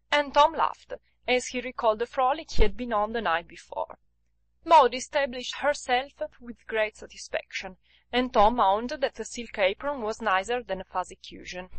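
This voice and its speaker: A woman narrating a classic novel audiobook in a steady storytelling read. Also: medium pitch, moderate pace, no echo, low-quality recording.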